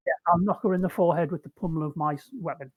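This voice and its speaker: A man's voice: fairly high pitch, very fast, breathy edge, dry recording, narrow, tinny audio. A man playing in a tabletop game, firing off eager questions about his character's actions. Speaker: player. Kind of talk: casual tabletop game chat.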